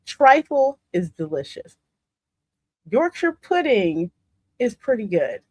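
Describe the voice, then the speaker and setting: A woman with a Southern US accent hosting a casual reaction show, sassy and quick to laugh. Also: fairly high pitch, breathy edge, no echo. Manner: sassy, animated, laughing often. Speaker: host reacting to videos.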